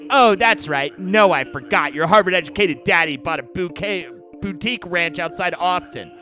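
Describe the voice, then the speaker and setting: A man's voice: moderate pace, pushed and bright, faint music behind. A man voicing a crude, arrogant male film director who insults everyone around him. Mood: rude. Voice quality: high, brash, sneering.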